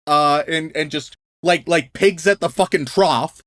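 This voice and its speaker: A man co-hosting a podcast, ranting in casual chat, swearing freely and breaking into laughs and shouts. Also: fairly high pitch, measured pace, no room sound, clean studio sound. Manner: profane, exasperated, laughs and shouts mid-rant. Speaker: podcast co-host.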